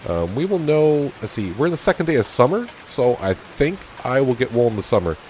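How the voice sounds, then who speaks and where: A man hosting a casual let's-play, talking through his farm chores in an easygoing, self-deprecating way and thinking out loud. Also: medium pitch, big pitch swings, fairly quick, a little hiss or hum. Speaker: gaming channel host.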